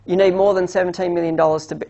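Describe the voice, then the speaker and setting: A man's voice: sits high, very fast, highs cut off. A man with an Australian accent giving an economics presentation, asking rhetorical questions and speaking as if he runs a small mining company. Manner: lively, rhetorical questions, role-plays a company. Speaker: economics lecturer. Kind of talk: academic presentation.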